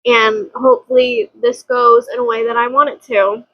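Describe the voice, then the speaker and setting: Young woman book vlogger, high-pitched, chatty and dramatic, frequent laughter. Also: little pitch movement, moderate pace, muffled recording. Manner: chatty, dramatic, laughs often, swears casually. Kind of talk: casual chat.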